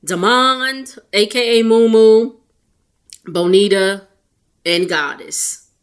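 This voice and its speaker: A woman's voice: medium pitch, clear, resonant tone. A woman chatting casually as she recaps a reality show, quoting the cast and laughing often. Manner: chatty, laughs often, quotes people in quick voices. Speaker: recap vlogger.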